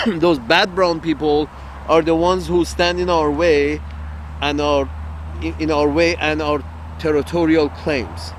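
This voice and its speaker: An online commentator delivers a rambling political monologue to his audience, blunt and crude, repeating himself and laughing at his own jokes. His voice is a little high, sing-song, and fairly bright, a bit slow, with slight background noise.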